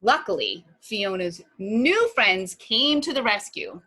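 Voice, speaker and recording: A woman reading a children's picture book aloud, with animated asides to her listeners. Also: mid-range voice, slow, hardly any pauses, slightly rough.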